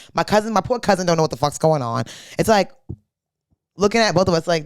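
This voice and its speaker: A woman's voice: low-pitched, racing, no room sound. A young woman co-hosting a podcast in a studio, telling a story in casual chat with lots of slang and swearing, acting out what people said. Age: young adult. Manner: slangy, profane, animated storyteller acting out quotes. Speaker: podcast co-host.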